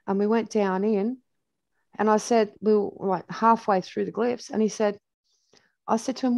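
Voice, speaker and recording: A woman's voice: medium pitch, moderate pace, darkish tone, no room sound. An Australian woman from New South Wales, a guest in an interview, chatting loosely as she talks through photos and tells stories with lots of restarts. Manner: chatty and rambling, with many restarts; vivid anecdotes with reported speech. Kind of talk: casual storytelling over photos.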